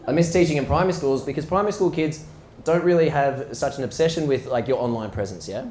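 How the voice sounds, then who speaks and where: Male stand-up, slightly high voice, animated storyteller, roomy live venue with crowd noise behind. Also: moderate pace, pauses often. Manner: animated storytelling, acting out exchanges. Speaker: stand-up comedian. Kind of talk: stand-up comedy set. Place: live comedy venue with audience. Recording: echoey room with audience noise.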